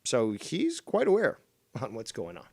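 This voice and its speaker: A man's voice: medium pitch, huge pitch swings, moderate pace, gravelly, darkish tone, dry recording. A man arguing on a livestream in a sarcastic, mocking manner. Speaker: livestream commentator. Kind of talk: livestream argument.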